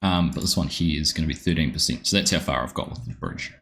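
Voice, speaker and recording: On a live game stream, a man with a New Zealand accent chats casually in a very low voice that is quick-paced and a bit bright. Friendly and rambling, he greets viewers one by one.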